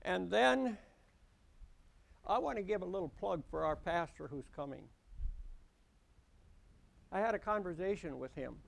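A man preaching a sermon, slow and deliberate, rising into emphatic lines. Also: high voice, creaky.

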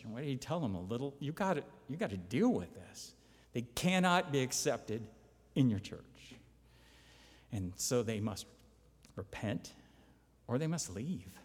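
A man's voice: mid-range voice, sing-song, unhurried, husky, long reverb tail. A man preaching a conversational sermon, reading scripture aloud and pressing his points with emphasis. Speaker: pastor or Bible teacher.

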